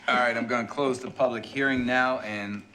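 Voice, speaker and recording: A man chairing a public meeting in a relaxed, joking manner. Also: medium pitch, fairly quick. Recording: loud background noise.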